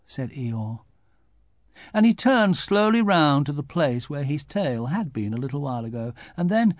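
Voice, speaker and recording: A man narrating a children's storybook aloud in an unhurried, gentle read-aloud manner. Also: on the high side, dry recording, clean studio sound. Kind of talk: storybook reading.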